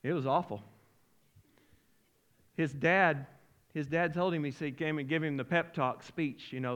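Man, pastor, sermon, folksy, animated, emotional, somewhat high voice. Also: unhurried, long pauses. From Arkansas-Oklahoma region. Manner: folksy, animated, emotional preaching with many restarts.

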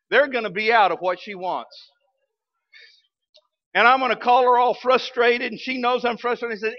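High-voiced pastor preaching animatedly. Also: male voice, moderate pace, pauses often. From Arkansas, US. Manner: animated, humorous storytelling with bursts of emphasis. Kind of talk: sermon.

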